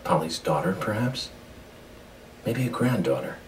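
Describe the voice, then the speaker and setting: An actor playing an eccentric federal agent in a video game, speaking in a wry, musing way. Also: male voice, lowish voice, big pitch swings, unhurried. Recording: distant game audio, loud guitar.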